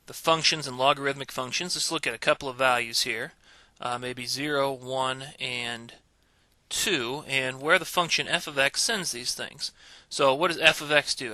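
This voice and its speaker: A man delivers a recorded math lecture in a very bright, crisp voice. He explains step by step with patience and slows down to stress the key ideas. The sound is dry and close, with no room echo. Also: mid-range voice. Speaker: math instructor.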